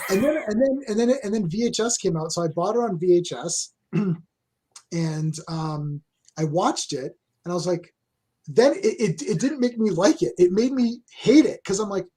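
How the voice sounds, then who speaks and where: A host with a high, husky voice tells rambling movie stories on a casual pop-culture call. He clears his throat now and then and chuckles at his own tales, speaking into a home webcam mic. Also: lively intonation, normal speed, mellow. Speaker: podcast host. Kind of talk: casual chat.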